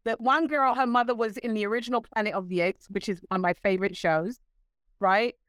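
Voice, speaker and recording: A woman in her sixties, a guest telling stories in a casual interview, animated and laughing, acting out what others said. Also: medium pitch, fairly quick, no room sound. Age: 60s. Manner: animated, laughing, acts out quoted voices.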